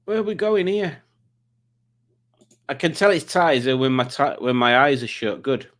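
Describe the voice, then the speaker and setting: A man's voice: mid-range voice, animated, normal speed, a bit bright. Rambling male livestream quiz host. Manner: rambling, reads viewer comments aloud with asides. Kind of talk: casual livestream chat.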